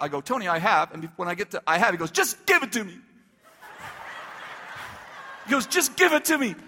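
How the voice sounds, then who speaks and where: A male pastor telling a story in a sermon, animated, acting out the dialogue and laughing as he goes. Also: high voice, long reverb tail.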